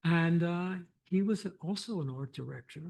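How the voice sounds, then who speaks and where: A man's voice: fairly high pitch, normal speed, gravelly. Older man telling photography stories. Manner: reflective, animated anecdotes with laughs and restarts. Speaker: photographer guest. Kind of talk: conversational storytelling. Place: lecture stage.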